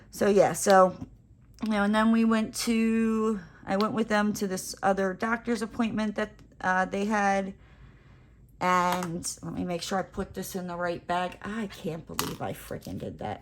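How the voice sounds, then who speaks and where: A woman craft vlogger telling a rambling, animated story while she crafts, with playful self-mocking exclamations. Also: mid-range voice, slight background noise.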